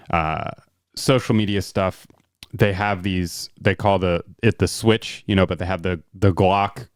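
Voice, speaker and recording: A man co-hosts a podcast in casual chat, his voice sitting a little low. He talks easily and chuckles now and then. The sound is close and dry. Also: clear, resonant tone, dry recording. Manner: conversational, chuckling asides. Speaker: podcast co-host.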